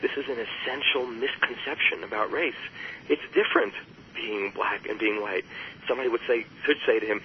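A man who works as a therapist, speaking as an interview guest, explaining with emphasis and jumping higher when he quotes others. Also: fairly quick, highs cut off, a little hiss or hum. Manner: emphatic, rises sharply on quoted voices. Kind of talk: earnest explanatory interview talk.

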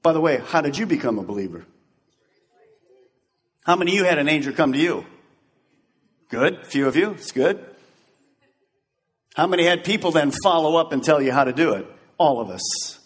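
A male pastor preaching a sermon in an animated, joking manner, acting out scenes as he goes. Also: a little high, normal speed, pauses often, slightly rough, big-room sound.

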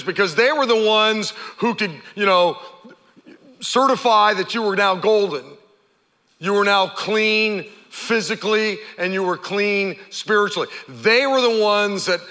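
Animated preacher with a bright, high voice. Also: male voice, a little slow, in a large hall. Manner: animated storytelling, acting out the characters' shouts. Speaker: pastor. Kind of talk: sermon.

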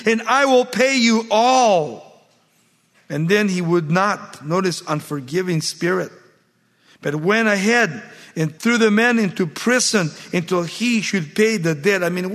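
High-voiced man preaching in a reverberant hall. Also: a bit bright. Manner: reads scripture then expounds, emphatic repetition. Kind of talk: sermon.

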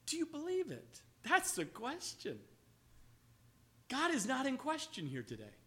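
Man preaching, high bright voice, very lively pitch, loud then hushed, drawn-out key words. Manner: swings from loud emphatic to hushed and low; acts out quoted voices, slows on key words. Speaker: pastor. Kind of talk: sermon.

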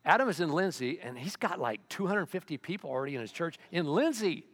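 An older man preaching a sermon as pastor, in a conversational way with sudden loud, excited bursts. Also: a little high, brisk.

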